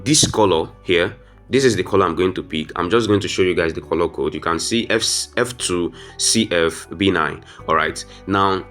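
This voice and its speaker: A man with a very low voice talks viewers through a design tutorial one step at a time. He speaks casually, calls his audience "guys" and fills pauses with "um". Soft guitar music plays quietly underneath. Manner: step-by-step instructions, frequent "um" fillers, addresses viewers as "guys". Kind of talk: screen-recorded software tutorial.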